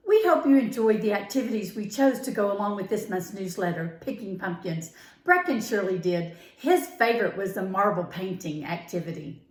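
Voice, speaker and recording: A woman teacher slowly and gently coaching a young child, tips for parents, singing a children's song along the way. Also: medium pitch, lively intonation, echoey room, low-quality recording. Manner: slow, gentle and encouraging, sings along. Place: farm, outdoors.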